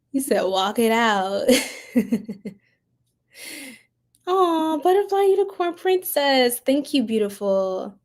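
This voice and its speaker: Playful laughing woman on a live stream. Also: high-pitched. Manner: playful, laughs often, chats with the chat, exclaims loudly. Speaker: tarot reader streaming live. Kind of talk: casual live-stream chat with viewers.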